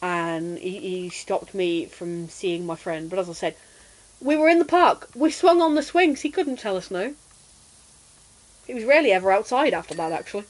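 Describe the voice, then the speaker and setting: A woman streamer chatting casually and telling an animated childhood story while gaming. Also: medium pitch, normal speed, poor audio.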